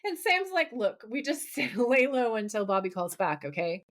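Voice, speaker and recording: A woman co-hosting a podcast in casual chat, recapping a TV episode with lively, laughing quotes of the characters. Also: a little high, normal speed. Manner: animated, laughing, quoting characters in playful voices.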